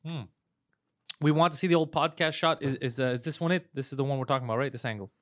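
A man hosting a comedy podcast, telling stories in fast, profane casual chat with lots of fillers. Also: mid-range voice, fairly bright tone, no echo, clean studio sound.

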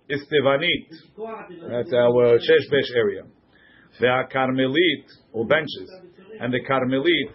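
Man teaching a lesson, muffled lo-fi sound. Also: medium pitch. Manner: reads Hebrew and Aramaic text then translates phrase by phrase. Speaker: Talmud teacher. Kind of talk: classroom Gemara lesson. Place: classroom with students. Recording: muffled lo-fi classroom recording.

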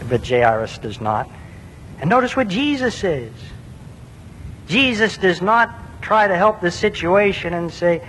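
Preacher, male, slightly high voice, earnest sermon delivery, long reverb. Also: big pitch swings, unhurried, a bit bright. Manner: earnest, with emphatic repetitions and rhetorical questions. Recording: long reverb with faint low rumble.

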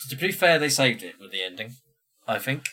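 A man's voice: mid-range voice, animated, fairly quick, bright, forceful tone. A man co-hosting a casual film podcast, mostly agreeing and adding dry one-liners. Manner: short agreeing replies and dry quips. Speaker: podcast co-host.

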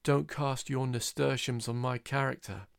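Guy doing a jeering pub joker, teasing, mid pitch. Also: fairly even intonation, moderate pace, vocal fry, smooth, dry recording, clean studio sound, natural voice. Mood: mocking. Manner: jeering, laughing. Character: mocking male drinker in a pub, joking.

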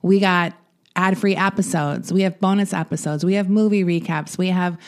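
A woman co-hosting a podcast in casual chat, rambling and giggly, her voice a little gruff from the morning. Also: fairly low pitch, steady tone, moderate pace. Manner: giggly, rambling, swears freely. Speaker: podcast co-host.

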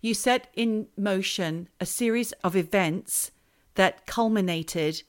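Woman cohost, dry teasing jokes, casual chat, mid pitch. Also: takes it slowly. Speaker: podcast co-host.

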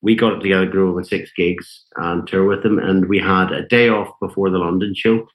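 A man's voice: low-pitched, fairly even intonation, fairly quick, poor audio. A middle-aged man with a Northern Irish accent, a guest musician telling long, rambling stories full of fillers and quoted voices. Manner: rambling anecdotes, quoting others, many fillers. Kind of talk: casual storytelling interview.

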